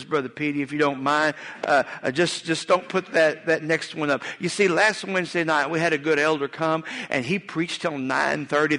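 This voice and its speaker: A man's voice: sits high, bright, forceful tone, long reverb tail. A male pastor preaching a sermon in a church, folksy and conversational, with asides and frequent restarts. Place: church sanctuary.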